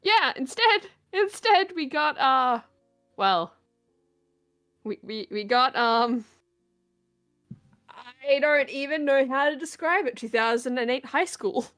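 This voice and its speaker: A woman's voice: high voice, expressive, slow, pauses often, fairly bright tone, faint music behind. A woman guest chatting casually on a stream, hesitant, stammering and laughing.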